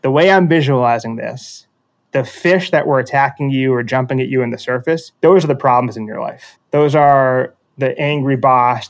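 A man telling a metaphorical story in a casual conversation, reflective and self-deprecating, often restarting sentences. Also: mid-range voice.

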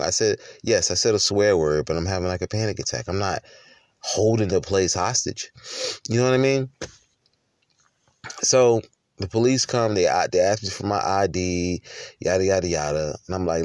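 A man with a very low voice recounts his own story candidly in a loose, conversational monologue, often restarting his sentences. The sound is dry and close. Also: moderate pace, darkish tone, no echo. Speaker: husband and father.

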